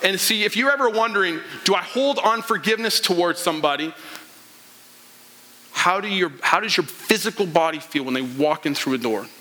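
A man's voice: sits high, expressive, brisk, pushed and bright. A man preaching a sermon as a pastor, retelling a parable and acting out the characters' lines. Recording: long hall reverb.

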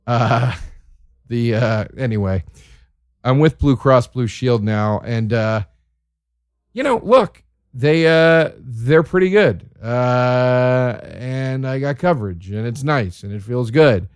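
A man's voice: medium pitch, animated, slow, clean tone, no echo, clean studio sound. A man hosting a podcast, ranting in a casual comedic monologue with plenty of swearing and exasperation. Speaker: podcast host.

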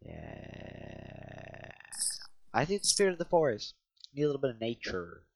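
A man trading jokes in a casual chat, his voice bouncing lively up and down as he teases. The recording sounds dull and lo-fi. The room around him is dry and close. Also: mid-range voice, fast talker, no echo. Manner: animated, teasing. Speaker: podcast co-host. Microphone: home setup with monitoring. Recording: dull lo-fi mic.

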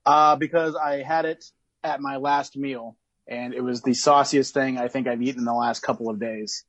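A man's voice: mid-range voice, fairly even intonation, normal speed, fairly bright tone, no room sound, lo-fi sound. A man from Illinois, a podcast guest in casual chat, talking in a hesitant, laid-back way with many ums and uhs.

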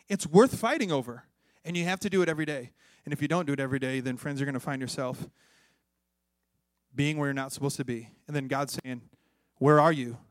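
A man, a pastor preaching a sermon with call-and-response, moving between loud exhortation and hushed tones. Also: a little high, no echo, clean studio sound. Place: church.

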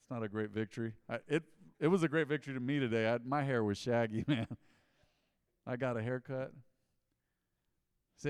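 A man preaching a mid-week sermon as pastor, talking in a conversational, animated way that swings from loud to quiet. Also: medium pitch, normal speed, long pauses, clean tone, no room sound, studio quality.

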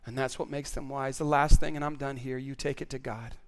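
A man's voice: medium pitch, steady tone, fairly quick, clear, resonant tone. A male pastor preaching a sermon in an earnest way, often repeating words as he stresses a point.

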